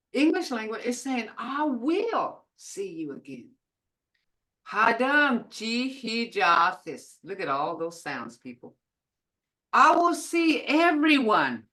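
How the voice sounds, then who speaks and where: A woman teaching a beginner language class over a video call, slowly sounding out each syllable for her students. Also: fairly high pitch, fairly bright tone. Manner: slow, deliberate, sounding out syllables.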